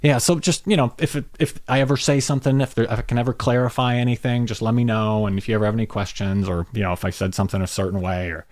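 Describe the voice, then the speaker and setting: A man's voice: mid-range voice, steady tone, fast talker, hardly any pauses, darkish tone, no room sound. An American man hosting a casual livestream chat, rambling and self-deprecating as he greets viewers. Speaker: podcast host.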